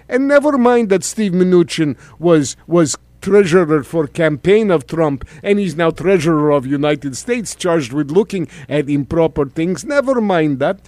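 A man's voice: sits high, darkish tone, dry recording. A man putting on a boastful, self-pitying Russian oligarch, with a mock Russian accent, broken English and a stuffy, cold-like voice. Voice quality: stuffy, sounds like he has a cold. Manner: mock-sorrowful, grammar deliberately broken. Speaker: comic impression in a talk show.

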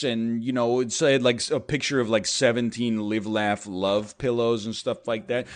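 A man hosting a show, delivering a rambling, self-deprecating comedic monologue full of "like," with sudden pitch jumps when he acts out other people. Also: steady tone, moderate pace, few pauses. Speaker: show host.

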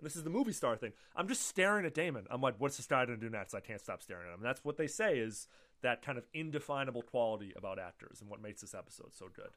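A man co-hosting a casual podcast, talking animatedly and swearing often, slipping into quoted voices. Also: mid-range voice. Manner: animated, profane, quick to quote others in put-on voices. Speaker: podcast co-host. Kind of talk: casual chat.

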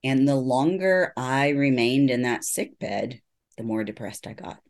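A woman's voice: rumbling low, a little slow, a little mellow. A middle-aged woman, a neuropsychologist, giving earnest personal testimony in an interview. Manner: earnest storytelling, acts out quoted voices. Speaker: neuropsychologist guest.

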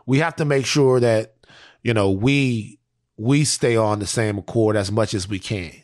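A man's voice: lowish voice, a little slow. A man co-hosting a podcast, talking earnestly and thinking aloud in casual chat. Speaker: podcast co-host.

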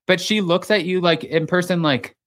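A man hosting a casual podcast recap, chatting quickly and acting out quotes in short bits of mimicry. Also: sits high, a bit bright. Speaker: podcast host.

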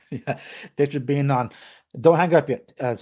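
Male podcast host, casual interview, stops and restarts often, mid-pitched. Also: warm tone, breathy edge. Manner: halting, many restarts and fillers.

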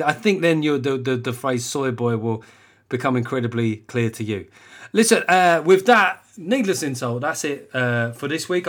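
A middle-aged English man, a comedian hosting his podcast in a casual, rambling, sardonic monologue with plenty of swearing. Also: medium pitch. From England.

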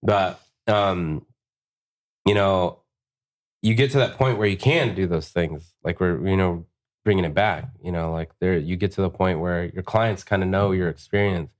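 Low-voiced man telling profane shop stories. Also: normal speed. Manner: profane, animated, acts out quotes in higher voices. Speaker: tattoo artist, podcast guest. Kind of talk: casual storytelling chat.

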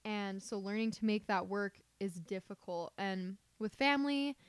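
A woman co-hosting a podcast, chatting casually and easily. Her voice is smooth and clear. The sound is dry and close, with no room echo. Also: medium pitch, normal speed. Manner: chatty, uses "like" a lot. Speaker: podcast co-host. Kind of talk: casual chat.

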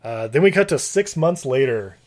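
A man's voice: mid-range voice, expressive, moderate pace. Male podcast co-host, casual movie recap, rambling and loose. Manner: rambling, many fillers and restarts.

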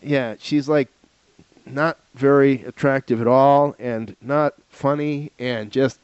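A man's voice: mid-range voice, takes it slowly, smooth, dry recording, highs cut off. A man co-hosting a podcast, telling stories in a casual chat with lots of laughs and repeated words. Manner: animated storyteller, laughs often, repeats words. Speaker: podcast co-host. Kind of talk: casual chat about old TV shows.

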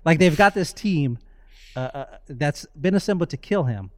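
A man co-hosting a podcast, telling stories excitedly and swearing freely in casual chat. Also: fairly high pitch, moderate pace. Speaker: podcast co-host.

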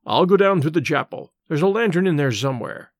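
A brisk elderly grandfather in his sixties, cheerful but impatient, as a male reader plays him. The voice sits a little high and moves with lively rises and falls, close and dry. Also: dry recording.

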